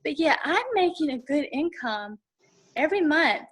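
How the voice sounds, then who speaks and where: A woman's voice: sits high, expressive, moderate pace. A woman on a video call earnestly sharing her personal story with the team. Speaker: team member. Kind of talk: casual chat on video call.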